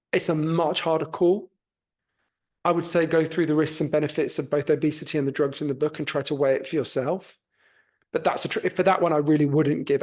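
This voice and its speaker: A man with a posh English accent, a guest author talking animatedly in a casual podcast interview, swearing freely, a little under the weather, speaking over a remote call. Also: on the high side. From North London, England. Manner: animated, swears casually, self-correcting restarts.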